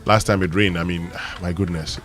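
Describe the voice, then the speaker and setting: A man's voice: low voice, fairly even intonation, moderate pace, a bit bright. A man with a Ghanaian accent hosting a morning radio show and reviewing the papers, easygoing and full of fillers. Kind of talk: radio talk and newspaper review. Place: radio studio.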